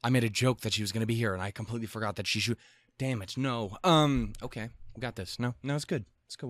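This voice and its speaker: Excitable, swearing young man. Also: medium pitch, fast, no room sound. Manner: excitable, swears a lot, self-mocking. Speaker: let's play host. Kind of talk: reading a visual novel aloud.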